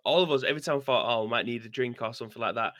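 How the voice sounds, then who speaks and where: A man's voice: medium pitch, very fast, fairly bright tone, no room sound, studio quality. A man co-hosting a gaming news stream, chatty and laughing easily. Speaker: co-host. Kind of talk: casual chat.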